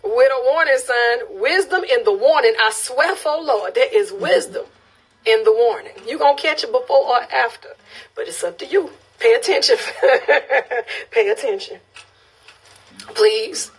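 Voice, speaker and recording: A woman with a Louisiana accent chats on a phone live stream. Her voice is high and husky, and it swoops up and down as she reacts. She laughs easily and keeps repeating her punchlines. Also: a little slow. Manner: animated, laughs often, repeats phrases for emphasis. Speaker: livestream host. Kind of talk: casual live-stream chat reading comments.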